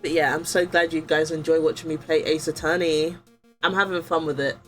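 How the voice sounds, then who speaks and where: A woman's voice: deep voice, a little fast, faint music behind. Chatty woman game streamer. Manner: chatty, excitable. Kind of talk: casual chat and reading game dialogue aloud.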